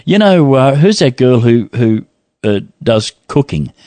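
A man's voice: mid-range voice, very animated, measured pace, dark tone, no room sound. Male co-host, dry close sound, chatty and jokey, reads listener mail with asides. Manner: chatty, laughs often, playful asides. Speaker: podcast co-host reading a listener email. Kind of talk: casual chat.

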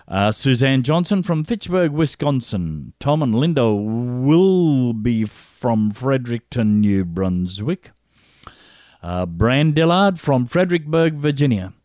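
A man's voice: mid-range voice, a little mellow, no echo, studio quality. Man reading supporter names, playful. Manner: playful, jokey asides while stumbling over names. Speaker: podcast host.

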